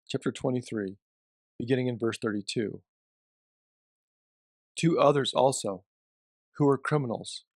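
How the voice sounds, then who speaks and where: A man giving a devotional teaching, reading scripture and explaining it in a measured way with emphasis on key phrases. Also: medium pitch, no echo, clean studio sound. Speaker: Bible teacher.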